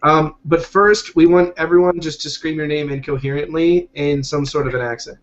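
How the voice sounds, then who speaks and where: A man's voice: on the high side, steady tone, normal speed, a crowd in the background. Joking man hosting over a dull call. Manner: jokey, rambling with fillers. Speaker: podcast host. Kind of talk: casual chat. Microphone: video call.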